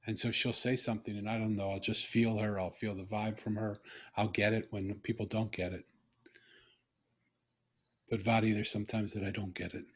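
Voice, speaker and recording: A middle-aged man hosting a video call conversation, telling a personal story earnestly and growing animated when he quotes himself. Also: on the low side, moderate pace, breathy edge. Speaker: interview host.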